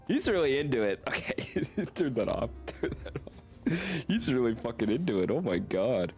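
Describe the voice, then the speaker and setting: A man's voice: mid-range voice, sing-song, moderate pace, a little mellow, faint music behind. A man streaming a video game, chatting casually and playfully, laughing often and swearing freely. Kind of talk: casual gameplay commentary.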